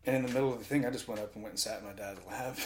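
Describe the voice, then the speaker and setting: A man in casual conversation who tells stories in an animated way and laughs often. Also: medium pitch, quick pace, a little hiss or hum.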